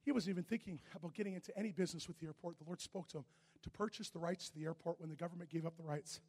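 High, husky-voiced male preacher in a reverberant hall. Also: rapid-fire. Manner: animated storytelling, shouting at peaks. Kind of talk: sermon. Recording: echoey hall with long reverb.

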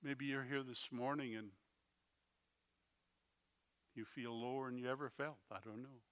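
A man preaching a sermon, telling a story slowly and with feeling, his volume rising and falling. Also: medium pitch, steady tone. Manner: slow, emotional storytelling with swings in loudness.

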